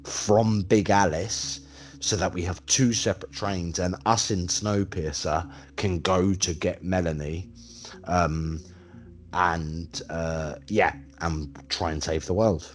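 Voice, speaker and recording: Low-voiced man recapping a TV show. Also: steady tone. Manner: retells scenes with quick acted quotes, stumbling restarts. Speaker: podcast co-host. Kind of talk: casual TV recap chat.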